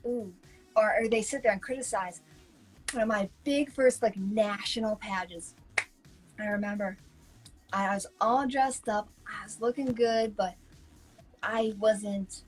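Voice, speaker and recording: Animated woman telling pageant-style stories. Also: mid-range voice, slightly rough, rough recording. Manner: animated storyteller who acts out quoted voices. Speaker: co-host. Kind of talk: casual chat.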